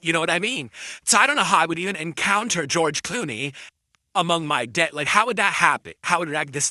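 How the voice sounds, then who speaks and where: A man's voice: fairly high pitch, sharp tone, no echo, studio quality. A man streaming live, ranting defensively at his critics and insulting them.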